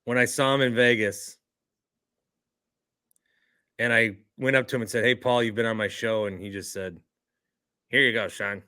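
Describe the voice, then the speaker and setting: Bright-voiced man joking on a sports podcast. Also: medium pitch, fairly even intonation, normal speed, long pauses. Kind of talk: casual sports chat.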